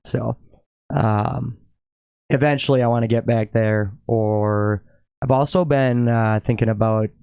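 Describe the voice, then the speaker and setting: A man's voice: medium pitch, steady tone, a little slow, a little mellow, smooth, no room sound. A young man from Minnesota, a drummer guesting on a podcast, chatting casually and swearing often. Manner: laid-back, swears often, says yep a lot. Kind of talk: casual chat.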